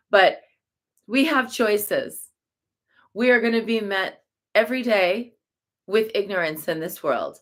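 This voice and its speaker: A woman giving a relaxed spoken teaching, slow and searching, with fillers and soft laughs and chanted syllables as examples. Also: on the low side. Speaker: Buddhist teacher.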